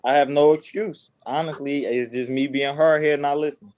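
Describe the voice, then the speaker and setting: A man's voice: fairly high pitch, fairly even intonation, normal speed, lo-fi sound. A twenty-year-old man, a defendant at a court hearing, speaking in a subdued, apologetic way.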